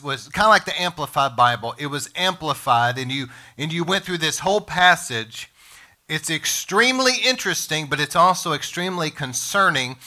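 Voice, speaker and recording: A man preaching a sermon as pastor, emphatic, slowing down to stress words and speaking straight to his congregation and listeners. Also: on the high side, sharp tone. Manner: addresses congregation and podcast listeners directly.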